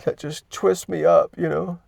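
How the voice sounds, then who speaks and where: A man hosting his own channel, talking candidly and emotionally about his faith, halting and restarting as he gets worked up. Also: a little high, fairly even intonation, vocal fry, darkish tone, no room sound, studio quality. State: chronic pain. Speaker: Christian video host. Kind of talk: emotional personal reflection.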